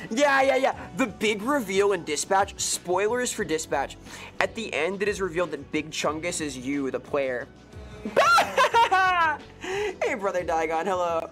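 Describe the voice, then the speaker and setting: A talkative woman streams a game and chats freely with her viewers. Her voice swoops up and down with lively energy, and she breaks into laughter often. Soft music plays faintly underneath. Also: fairly low pitch. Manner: chatty and animated, laughs often, answers chat. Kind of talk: casual live-stream chat while gaming.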